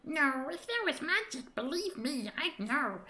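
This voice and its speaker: A woman voicing a tiny, cheeky male sprite with wings, in a squeaky, chirpy voice for a gamebook read aloud on stream. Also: sing-song, measured pace, pushed and bright, heavily acted. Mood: chirpy, eager.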